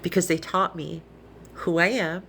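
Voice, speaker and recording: A woman's voice: fairly low pitch, fairly even intonation, unhurried, creaky, a bit bright, a little hiss or hum. A woman speaking earnestly and emotionally on a live stream from her phone, rambling with restarts and close to tears. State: tearful, emotional. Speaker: livestreamer.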